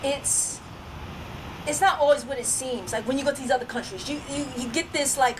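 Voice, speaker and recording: A woman from the United States hosts a podcast in a relaxed, chatty way. Her voice runs high, and she quotes other people's warnings as she goes. Clear noise sits under the recording. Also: a little fast. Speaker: podcast host. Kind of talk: casual chat.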